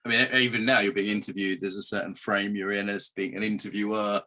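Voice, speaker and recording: A man's voice: fairly low pitch, flat delivery, fast talker, sharp tone. A man hosting a podcast interview, asking questions in a chatty way with jokey asides. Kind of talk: casual interview conversation.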